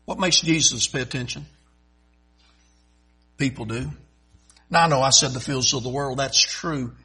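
A middle-aged man preaching a sermon in a folksy, emphatic way, swelling loud and stretching out key phrases. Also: mid-range voice, moderate pace, husky, low-quality recording.

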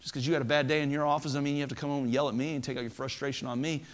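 A pastor quoting a hurt, wronged wife. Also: male voice, mid-range voice, level tone, racing, natural voice. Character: hurt wife snapped at by her husband. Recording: long hall reverb.

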